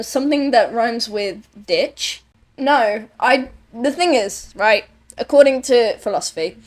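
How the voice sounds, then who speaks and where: A woman giving casual, blunt gameplay commentary, swearing and reading choices aloud. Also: on the high side. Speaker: gameplay streamer.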